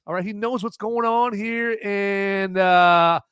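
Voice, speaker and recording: Guy hosting a live movie podcast, swearing a lot and ranting, kinda high voice, dry sound. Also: steady tone, a little slow, a bit bright, clear, resonant tone, dry recording. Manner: profane, ranting, repeats words. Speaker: podcast host.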